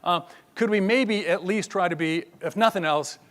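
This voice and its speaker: An older man giving a conference keynote in an animated, joking, conversational way. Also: sits high, normal speed. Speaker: keynote speaker. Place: conference hall stage.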